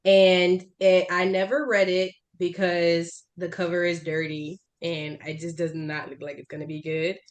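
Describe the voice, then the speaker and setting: A woman co-hosting a podcast in casual chat, jokey and quick to tease. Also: on the low side, flat delivery. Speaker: podcast co-host.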